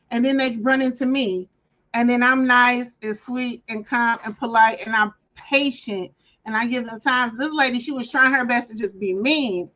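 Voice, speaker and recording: A woman's voice: fairly high pitch, moderate pace, fairly bright tone, muffled recording. A woman hosting a casual craft livestream, chatting and telling stories, sometimes acting out voices. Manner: chatty storyteller, acts out callers' voices. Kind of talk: casual chat.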